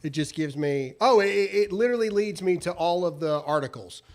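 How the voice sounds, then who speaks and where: A man with a Southern US accent hosts a casual political talk show. He talks loud and sarcastic, and his voice sits fairly high. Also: animated, fairly quick. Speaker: podcast host.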